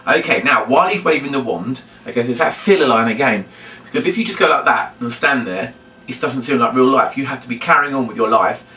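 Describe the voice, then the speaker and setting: Guy walking you through a puppet act, bright forceful voice, roomy sound from across the room. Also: medium pitch, animated, fast talker, slight background noise. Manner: chatty, explanatory, repeats reminders. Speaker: puppetry instructor. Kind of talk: demonstration tutorial. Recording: roomy, from a distance.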